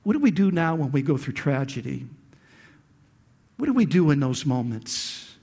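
High-voiced impassioned preacher man. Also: very animated, breathy edge. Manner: impassioned, rising to loud peaks; rhetorical questions, dramatic pauses. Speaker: pastor. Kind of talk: sermon.

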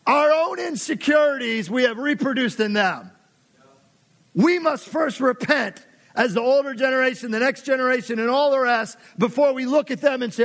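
A man's voice: very high-pitched, lively intonation, moderate pace, fairly bright tone. A middle-aged man preaching a sermon, passionate and conversational, acting out quoted voices. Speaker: pastor.

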